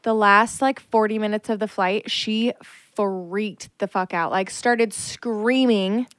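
A woman's voice: medium pitch, steady tone, slow pace, a bit bright, dry recording, studio quality. A young woman co-hosting a casual podcast, telling a long story in a chatty way full of fillers. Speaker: podcast co-host. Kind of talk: casual chat.

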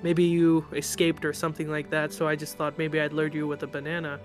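A man's voice: a little high, completely flat delivery, soft background music. Hesitant man playing a tabletop character. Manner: hesitant, halting with many fillers. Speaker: player. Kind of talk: in-character role-play.

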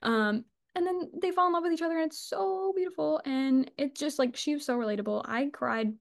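A woman's voice: high-pitched, fairly quick, vocal fry. A woman co-hosting a casual book podcast, gushing and chatty, swearing and laughing as she talks. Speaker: podcast co-host.

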